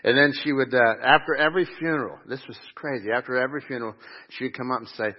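A middle-aged man, the lead pastor, giving a funeral eulogy in a warm storytelling manner with many fillers and restarts. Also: medium pitch, fast. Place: church sanctuary. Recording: lo-fi recording in a reverberant church.

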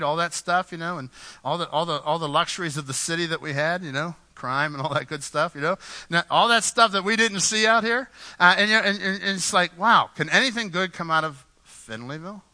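A man's voice: fairly high pitch, brisk, pushed and bright. A man from Pittsburgh preaching a sermon as pastor, talking conversationally, repeating words and asking the congregation questions.

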